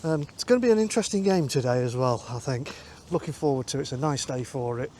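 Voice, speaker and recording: A man's voice: medium pitch, fast, darkish tone, a little hiss or hum. A man vlogging while out and about, chatting casually about a football trip and thinking aloud with ums, recorded on a handheld camera mic outdoors. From North West England. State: a bit out of breath while walking. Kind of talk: casual vlog chat. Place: outdoors, walking to a station.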